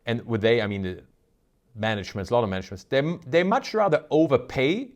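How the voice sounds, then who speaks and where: A man's voice: medium pitch, sing-song, brisk. A man hosting an investment video, talking casually and emphatically, often tagging on rhetorical "right?" questions. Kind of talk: casual market commentary to camera.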